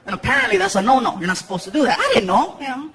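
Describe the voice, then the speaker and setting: A man in his thirties doing stand-up comedy, telling stories in an animated way and acting out voices. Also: high voice, rapid-fire. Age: 30s. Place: live comedy venue with audience. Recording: noisy live show recording.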